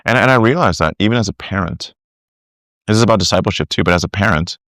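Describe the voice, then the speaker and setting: A middle-aged man with a low voice tells stories animatedly on a podcast. He acts out little quotes and restarts his sentences often. The sound is dry and close. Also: fast, a bit bright, dry recording. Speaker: discipleship teacher, guest. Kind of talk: conversational podcast interview.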